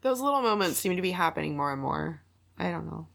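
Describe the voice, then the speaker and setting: A woman's voice: lowish voice, lively intonation, fast, gravelly, a bit bright. An American woman hosting a podcast, chatting candidly, laughing easily and swearing casually. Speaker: podcast host. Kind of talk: casual conversation.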